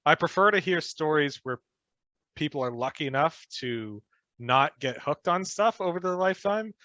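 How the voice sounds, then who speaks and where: A man's voice: a little high, lively intonation, normal speed, pushed and bright, dry recording, lo-fi sound. A man telling stories as a podcast guest in a casual, rambling way, swearing and laughing often. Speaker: podcast guest, former band musician. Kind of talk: casual storytelling chat.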